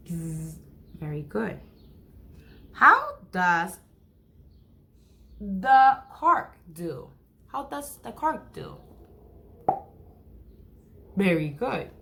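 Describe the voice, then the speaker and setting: A woman teacher reading a picture book aloud to first graders, slow and encouraging, acting out each sound. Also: medium pitch, creaky, sharp tone.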